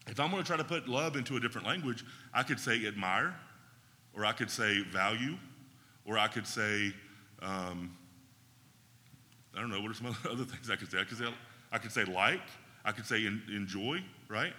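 A man's voice: lowish voice, normal speed, sharp tone, long reverb tail. A man teaching a Bible class in a conversational way, often checking in with his listeners.

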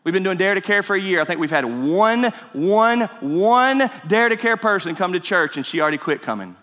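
High-voiced man preaching a sermon. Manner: emphatic preaching, swings between loud and hushed. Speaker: pastor. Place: church sanctuary. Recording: reverberant church hall.

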